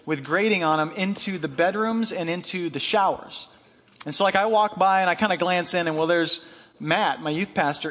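A man with a noticeably high voice tells a story as part of a sermon. He talks casually, with fillers and quick asides, and the sound rings out with a long hall reverb. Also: fairly bright tone. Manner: casual, chatty, many fillers and "right?" tags.

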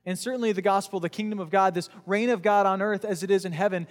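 A man preaching to a congregation in an easy, chatty way with a fairly high voice. He asks the room questions and slips into quick acted voices for the people in the story. His words ring out with a long reverb from the church hall. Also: steady tone, soft background music. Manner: conversational, acts out quoted voices, rhetorical questions. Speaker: pastor. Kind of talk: sermon. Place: church sanctuary.

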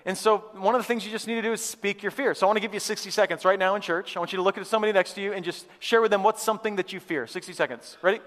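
A male pastor giving a lively, conversational sermon to a live church congregation, repeating phrases for emphasis. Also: high-pitched, racing, hardly any pauses. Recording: long hall reverb.

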